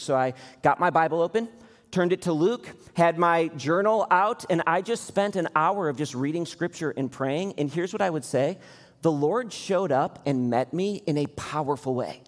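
A man's voice: on the high side, normal speed, big-room sound. A man preaching a sermon as pastor, earnest and building to impassioned appeals.

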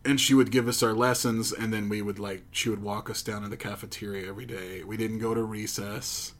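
A man's voice: on the low side, steady tone, brisk. A young man hosting a casual podcast chat, blunt and teasing, swearing freely. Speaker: podcast host.

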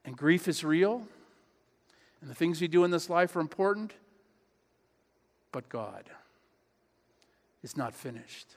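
A man's voice: a little high, animated, slow, pauses often. A pastor preaching a sermon in his church, earnest and emphatic, repeating key phrases. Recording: long hall reverb.

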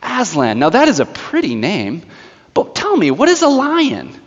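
A man voicing a sly, mocking evil witch who speaks softly and coaxingly with feigned innocence. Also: high voice, wildly swooping pitch, a little slow, voice pushed up, heavily acted. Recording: echoey church hall, slightly dull.

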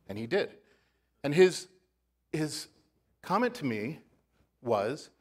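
A man pastor giving a sermon, telling a story in a relaxed, conversational way with asides to the congregation. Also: a little high, measured pace, pauses often, breathy edge. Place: church.

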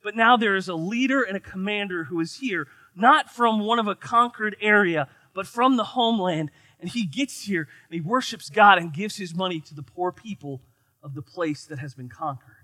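Male pastor from the United States, high, bright voice, animated and joking, dry close sound. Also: normal speed, dry recording. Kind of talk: sermon.

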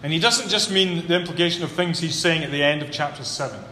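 A male preacher in an echoey church hall, his words trailing off into long reverb over a faint background hum. His voice is bright and lifted a little high. He builds to emphatic peaks, then settles back low and earnest. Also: fast. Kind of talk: sermon.

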